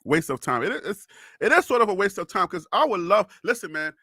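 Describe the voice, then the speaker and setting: A man from North Carolina hosting a casual live sports stream, animated and laughing often, repeating his words as he talks to the chat. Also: high voice, a little fast, no echo. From North Carolina, US South.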